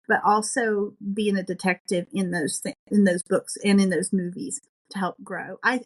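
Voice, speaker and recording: A woman's voice: medium pitch, rough recording. A woman who writes romance novels, a podcast guest chatting in an enthusiastic, thoughtful and modest way. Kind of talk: casual interview chat.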